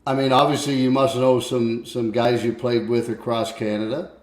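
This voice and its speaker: A man co-hosting a podcast, easygoing in casual chat and quick to laugh. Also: mid-range voice, flat delivery. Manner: easygoing, laughs a lot, many fillers. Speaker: podcast co-host. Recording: echoey room sound.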